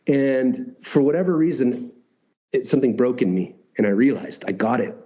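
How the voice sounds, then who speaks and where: A man telling a personal story as an interview guest, animated, swearing now and then and acting out dialogue. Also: mid-range voice, moderate pace, lo-fi sound. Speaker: guest, retreat founder.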